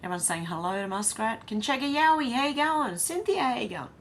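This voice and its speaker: A woman's voice: on the high side, very animated, brisk, a little hiss or hum. An Australian woman hosting a casual live stream, reading viewer comments aloud, chatty and blunt, laughing often and swearing.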